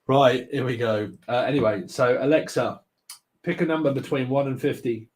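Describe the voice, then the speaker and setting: Slow, laid-back man chatting on a livestream. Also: medium pitch, a little mellow. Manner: chatty, laughs often, jokes with the chat. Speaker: tarot livestream host. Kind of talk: casual live-stream chat with viewers.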